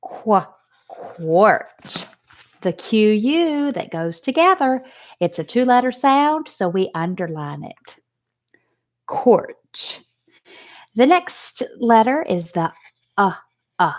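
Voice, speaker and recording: A woman's voice: mid-range voice, very animated, slow pace, pauses often. A woman teacher giving a remote lesson to young children, patiently sounding out letters and words. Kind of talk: remote phonics and math lesson.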